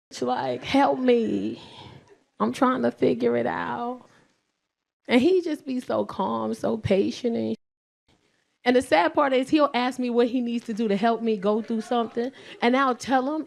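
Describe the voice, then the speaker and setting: A New York woman in her forties doing stand-up comedy, loud and animated, shouting punchlines and acting out both sides. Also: high-pitched, gravelly. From South Bronx, New York.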